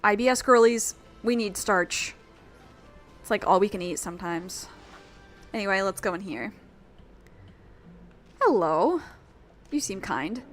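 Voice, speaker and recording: A woman's voice: medium pitch, normal speed, pauses often, soft background music. A young woman streaming a video game, chatting casually in a rambling, giggly way. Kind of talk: casual chat while playing a video game.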